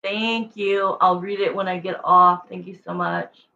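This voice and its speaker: A woman's voice: fairly low pitch, steady tone, a little slow, vocal fry, pushed and bright, lo-fi sound. A woman doing a casual livestream tarot reading, chatty and rambling, often stopping to correct herself while answering viewers. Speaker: tarot reader.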